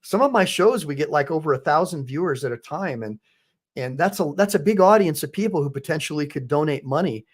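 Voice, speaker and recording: A man's voice: on the high side, expressive, fairly quick, slightly rough. A man hosting a live stream with rambling commentary, full of fillers and restarts. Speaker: host, attorney.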